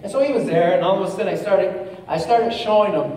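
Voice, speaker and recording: A preacher giving a sermon, moving between animated, shouted bursts and conversational storytelling with asides. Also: mid-range voice, fast, slight background noise. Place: church sanctuary. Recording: echoey church hall, voice far from the mic.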